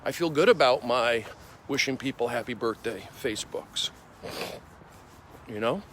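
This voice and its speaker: A male comedian livestreaming on his phone while walking city streets, rambling excitably with repetitive bursts of loud emphasis. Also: medium pitch, unhurried, slight background noise. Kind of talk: rambling walk-and-talk livestream.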